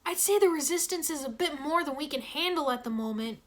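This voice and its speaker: A woman's voice: high voice, lively intonation, fairly quick, voice pushed up. A woman voicing an earnest young male ninja who sounds a little apologetic. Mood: wry.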